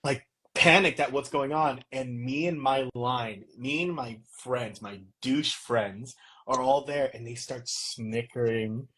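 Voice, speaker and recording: Young male podcast host, husky tone, loose rambling delivery with frequent laughs. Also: medium pitch, slow, rough recording. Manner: rambling, laughs often, animated storytelling. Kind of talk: casual chat.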